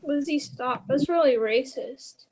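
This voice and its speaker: A teen girl playing a high, prim scolding teenager. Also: a little slow, a little mellow, slight background noise. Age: teens. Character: prim teenager Steven, later a slangy scarecrow.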